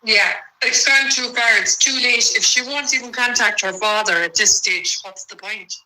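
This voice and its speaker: Chatty woman caller, very bright sharp tone, higher voice. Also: normal speed, rough recording. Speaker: guest caller. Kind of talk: casual chat.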